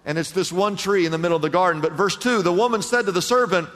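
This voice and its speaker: A man preaching a sermon, swinging between loud, emphatic lines and hushed ones and acting out the voices in the story. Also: sits high, fast, few pauses. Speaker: pastor. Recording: hall reverb.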